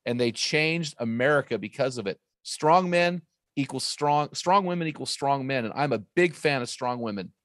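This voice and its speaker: A man's voice: mid-range voice, lively intonation, normal speed, a bit bright, no room sound, clean studio sound. A man speaking as a guest author, talking with energy and emphasis, repeating phrases as he tells stories. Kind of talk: emphatic faith-based storytelling.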